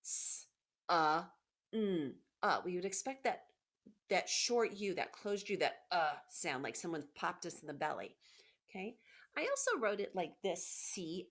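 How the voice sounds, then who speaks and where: Gravelly-voiced woman teaching phonics. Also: on the low side, fairly bright tone. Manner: patient, encouraging, sounding out letters slowly. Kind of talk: remote phonics lesson for children. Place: home, by a window.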